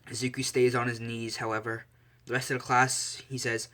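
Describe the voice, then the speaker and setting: Male storyteller, bright voice, rambling, self-correcting casual delivery. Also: mid-range voice, monotone, fairly quick, clean tone. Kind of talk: casual fan-fiction narration.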